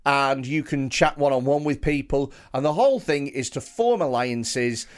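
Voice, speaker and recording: A man's voice: medium pitch, moderate pace. A man co-hosting a comedy podcast, telling a rambling story in casual chat with many restarts. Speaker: podcast co-host.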